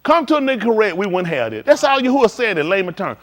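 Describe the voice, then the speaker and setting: Animated man preaching casually. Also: high voice, quick pace. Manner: animated, shifting between quiet and loud, acts out dialogue. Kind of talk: livestreamed sermon.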